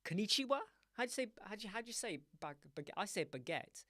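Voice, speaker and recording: A man's voice: high-pitched, lively intonation, rapid-fire, a bit bright, dry recording, clean studio sound. A man hosting a live web design stream, joking and rambling playfully to his chat viewers.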